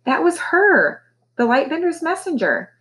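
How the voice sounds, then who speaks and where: Urgent eager boy in a storybook, read by a woman, lifted high and pressing. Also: very animated, measured pace, fairly bright tone, full character voice. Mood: insistent. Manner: urgent, pleading. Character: eager excited young boy.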